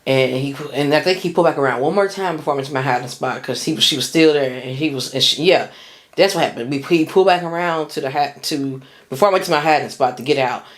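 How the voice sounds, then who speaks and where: A woman's voice: deep voice, fast talker. A young woman telling a personal story in a casual, rambling way, with lots of restarts and slang.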